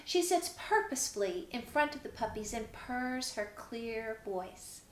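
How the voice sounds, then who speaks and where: A woman hosting a children's storytime, gently reading and encouraging, recorded in an echoey room. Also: on the high side, expressive, measured pace, few pauses, a little hiss or hum. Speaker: storytime host. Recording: roomy echo.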